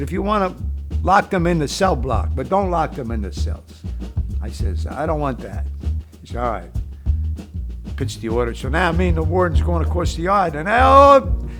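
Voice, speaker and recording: Older streetwise man from Philly, blunt raconteur who plays out the dialogue, pitched a bit high, faint music bed. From Philadelphia, USA. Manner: streetwise, acts out dialogue in his tale, blunt with swearing. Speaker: guest storyteller. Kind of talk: casual spoken storytelling.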